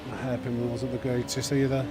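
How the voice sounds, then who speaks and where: A man streams live in a mid-range voice, brisk and flat in delivery. He chats casually, reading chat aloud and often restarting sentences, with frequent fillers.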